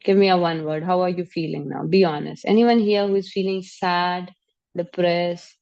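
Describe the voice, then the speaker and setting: A woman with an Indian accent leading a live online class, energetic and coaxing, laughing along with her students. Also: on the low side, normal speed, gravelly, muffled recording. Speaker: yoga and breathwork instructor.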